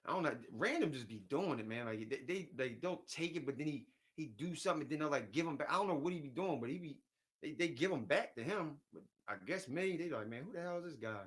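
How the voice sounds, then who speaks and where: A man's voice: on the high side, animated, fast. A man hosting a casual livestream, rambling and venting, often repeating himself and reading viewer comments aloud. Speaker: livestream host.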